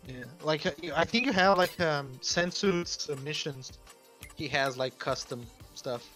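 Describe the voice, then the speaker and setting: A man in casual chat about game modding, talking haltingly with many fillers and restarts. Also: on the high side, sharp tone, soft background music.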